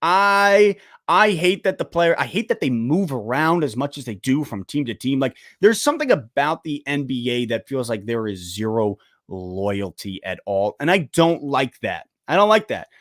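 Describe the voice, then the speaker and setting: A young man hosting a live sports stream, chatting casually and excitably while answering viewer questions. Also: medium pitch, moderate pace, no echo, studio quality. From United States. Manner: casual, excitable, talks to chat directly. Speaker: sports channel host.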